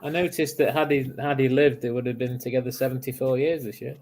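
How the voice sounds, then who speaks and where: A man with a dark, mellow voice chats among friends and drops dry, wry remarks into the conversation. There is faint noise behind him. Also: medium pitch, steady tone, fast talker. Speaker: chat participant. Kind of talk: casual chat among friends.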